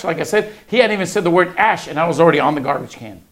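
A man's voice: a little high, expressive, racing. A middle-aged man preaching a sermon, telling a family story and acting out the voices of his family. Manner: storytelling, acts out family dialogue.

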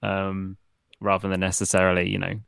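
A British man co-hosting a podcast in relaxed, rambling chat, laughing easily between points. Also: low-pitched, vocal fry, clean tone, no room sound, studio quality. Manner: easygoing, rambling, quick to laugh. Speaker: podcast co-host.

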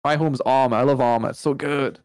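A man's voice: medium pitch, steady tone, a little fast, darkish tone, smooth, no echo. A man chatting casually as a podcast guest, joking and laid-back.

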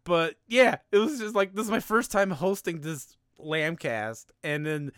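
Laughing, chatty male podcast host, smooth dry voice. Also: on the high side, a little slow, fairly bright tone, no echo. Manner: chatty and laughing, with frequent fillers. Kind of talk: casual podcast chat.

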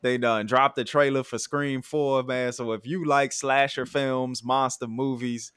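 A man hosting a casual podcast chat in a relaxed, laid-back way. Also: mid-range voice, a little slow, clear, resonant tone, no room sound, clean studio sound. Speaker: podcast host.

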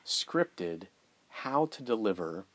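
A man's voice: fairly low pitch, sing-song, slow, dry recording. A man in casual conversation, telling a shared story with laughs and self-deprecating humor.

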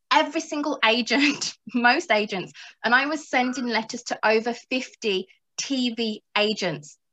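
Bright-voiced woman telling a motivational story. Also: a little high. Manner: animated, laughs often, acts out inner voices. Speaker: motivational speaker.

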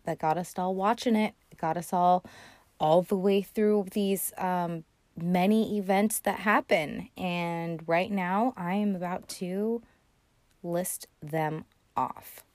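A woman's voice: fairly low pitch, slow, darkish tone, dry recording. Chatty sarcastic woman podcast host. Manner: chatty, profane, sarcastic retelling with fillers. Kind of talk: casual movie recap.

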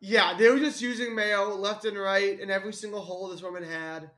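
A man's voice: high voice, steady tone, bright, forceful tone. A young man co-hosting a podcast, telling crude stories in rambling casual chat, stumbling over restarts. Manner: rambling, halting restarts, laughs at own jokes. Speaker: podcast co-host.

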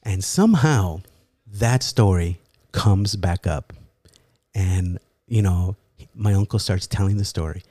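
A man casually telling a story, animated and profane, with lots of fillers. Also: deep voice, slow pace, no room sound. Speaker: storyteller guest. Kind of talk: casual chat, anecdote.

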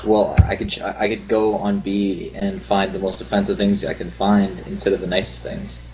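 Deep-voiced guy swearing a lot on a group call, bit of hiss. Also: flat delivery, moderate pace. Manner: crude, blunt, swears a lot. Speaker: podcast guest. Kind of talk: casual group chat.

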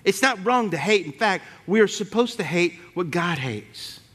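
A man's voice: sits high, animated, moderate pace, a bit bright. A man preaching a sermon in a punchy style, with rhyming lines and call-outs to the congregation. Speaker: pastor.

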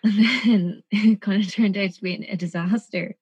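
A woman's voice: mid-range voice, fairly even intonation, normal speed, a little mellow, slightly rough, no room sound, muffled recording. A woman, telling stories in a casual chat and swearing freely. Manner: chatty, sweary, lots of "like".

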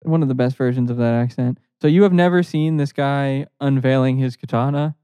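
A man's voice: medium pitch, steady tone, fairly quick, dark tone, clear, resonant tone, no echo. A man co-hosting a comedy podcast, joking and laughing as he chats casually. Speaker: podcast co-host.

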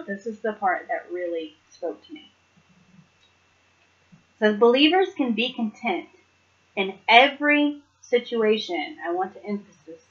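A woman speaks in an earnest, reflective way, giving a casual devotional talk in a mid-range voice. The recording sounds a little dull and lo-fi. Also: mid-range voice. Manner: earnest, reflective, laughs between points. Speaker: Bible study speaker.

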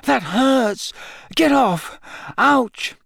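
A man's voice: very high voice, lively intonation, drawn-out words, creaky, fairly bright tone, no room sound, studio quality, pitched above the performer's own voice, full character voice. A man reading a panicked teenage wizard. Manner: panicked, breathless. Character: frantic teenage boy wizard.

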